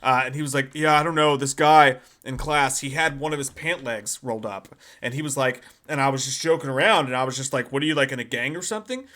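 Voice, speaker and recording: A man co-hosting a casual live stream, telling profane, animated stories and acting out the people in them. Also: medium pitch, quick pace, hardly any pauses. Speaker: podcast co-host.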